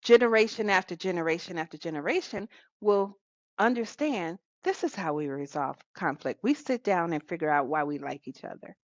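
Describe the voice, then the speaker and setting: Chatty woman podcast co-host, low voice. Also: expressive, moderate pace, no room sound. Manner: chatty, laughs often between thoughts. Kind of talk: casual podcast chat. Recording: dull, lo-fi, dry sound.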